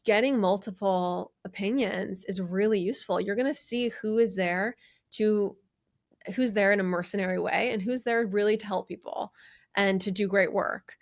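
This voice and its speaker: A woman's voice: medium pitch, moderate pace. A woman hosting a podcast interview, chatting conversationally and often murmuring agreement. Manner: conversational, frequent backchannel agreement. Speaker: podcast host. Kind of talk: casual interview chat.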